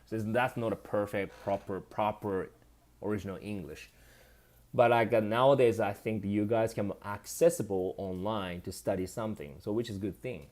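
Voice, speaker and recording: A man from Japan with a Japanese accent touched by Australian English, a native Japanese speaker, hosting a casual live stream where he reads viewer comments aloud and answers in a loose, halting, chatty way. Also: fairly low pitch, a little mellow. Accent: Japanese with some Australian.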